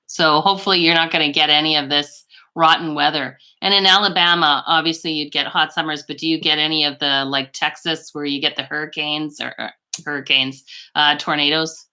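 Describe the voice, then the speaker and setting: A woman's voice: low voice, fairly even intonation, brisk, pushed and bright, clean tone. A woman hosting a casual beauty livestream from her bedroom on a laptop, chatting with viewers in a rambling, gushing way with little laughs. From Canada. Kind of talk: casual live chat with viewers. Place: home bedroom. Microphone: laptop microphone.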